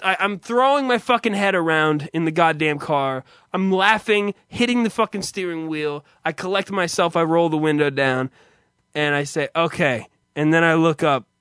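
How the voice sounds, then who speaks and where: Man, high voice, profane rambling storyteller, dry close recording. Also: a bit bright, smooth, no room sound. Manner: rambling with restarts and heavy swearing. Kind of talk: profane comic anecdote.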